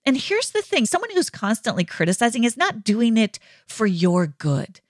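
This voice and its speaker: A woman's voice: fairly high pitch, huge pitch swings, normal speed, no echo. Earnest woman podcast host, dry sound. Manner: earnest, emphatic, often checks in with "right?". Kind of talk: faith-based teaching monologue.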